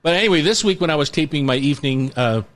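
A man's voice: a little high, animated, fast, a bit bright. Upbeat rambling man hosting radio. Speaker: radio show host and chef. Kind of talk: casual radio chat. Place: radio kitchen studio in a hotel.

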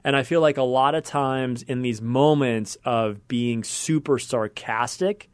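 A man's voice: mid-range voice, unhurried, clean tone, no room sound. A man hosting a podcast, talking earnestly and thinking aloud in long, winding sentences. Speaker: podcast host. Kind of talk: conversational podcast talk.

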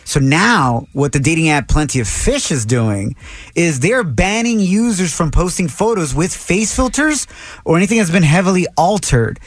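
A man's voice: on the high side, very animated, no echo. A man hosting a morning show, chatting and telling stories in a playful, teasing way. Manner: playful, teasing, quick to laugh. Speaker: radio morning show host. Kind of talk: casual banter and anecdotes.

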